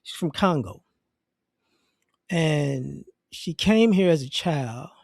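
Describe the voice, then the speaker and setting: A man with an African American English accent gives an animated, casual opinion monologue and keeps restarting his sentences. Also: on the high side, takes it slowly, vocal fry, dry recording, studio quality. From United States. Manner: animated, acts out quoted voices, frequent restarts. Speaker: commentary vlogger.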